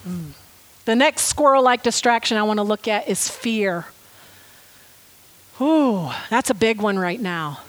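A woman preaching a sermon, telling a story with lively, animated delivery and acting out quoted lines. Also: medium pitch, a little slow, pauses often.

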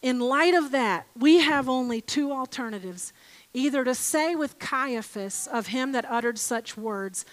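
A woman giving an informal Bible teaching, reading aloud from scripture and a commentary with emphatic, expressive delivery. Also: sits high, measured pace.

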